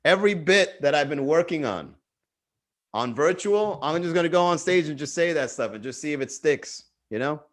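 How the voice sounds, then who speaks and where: Lively, profane man hosting a comedy stream. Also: a little high, normal speed. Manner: profane, riffing, acts out quoted voices. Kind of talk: casual comedy livestream chat.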